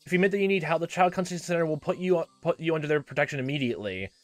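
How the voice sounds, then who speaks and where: A man voicing an eager, brave teenage boy who speaks urgently and loudly, pitched well above his own voice. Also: rapid-fire, close to an everyday voice. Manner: urgent, excited, loud.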